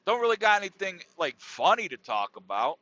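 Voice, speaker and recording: A man's voice: sits high, very animated, brisk, bright, forceful tone, no room sound. A middle-aged man hosting a podcast, talking in a rambling, laid-back and profane monologue. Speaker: podcast host. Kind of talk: casual comedic monologue. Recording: dull dry lo-fi sound.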